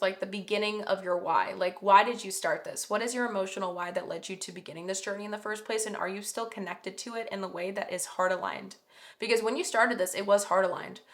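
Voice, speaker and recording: A woman's voice: medium pitch, pushed and bright, echoey room. A woman giving a pick-a-card tarot reading, earnest and reassuring as she talks straight to the viewer, a bit sleepy. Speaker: tarot reader.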